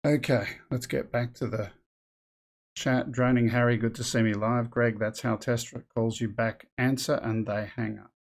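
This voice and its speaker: Man, live stream host, casual rambling chat, thinking aloud, mid pitch. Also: steady tone, normal speed, creaky. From Australia.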